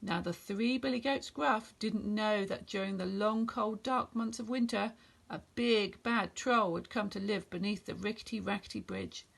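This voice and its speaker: Gravelly, husky woman reading a story. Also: medium pitch, moderate pace. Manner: gentle, expressive read-aloud.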